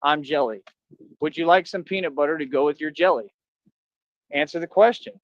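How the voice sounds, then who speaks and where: A man's voice: a little high, brisk, no room sound, lo-fi sound. A man livestreaming, talking to his viewers in a boastful, confrontational rambling monologue with slangy street talk.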